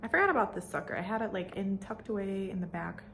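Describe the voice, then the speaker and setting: A woman in her twenties telling an animated, slangy story while getting ready, swearing freely and mimicking the people in it. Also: mid-range voice, quick pace, vocal fry, slight background noise. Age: 20s. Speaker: vlogger. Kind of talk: get-ready-with-me storytime chat.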